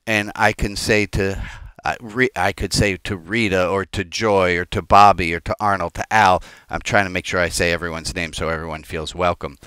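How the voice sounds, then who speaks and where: A man's voice: on the low side, sharp tone, clean tone, dry recording. A man who is a rabbi gives an informal teaching sermon, talking conversationally with the congregation, wandering off on tangents and making jokes. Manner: conversational, digressive and joking, addressing the congregation.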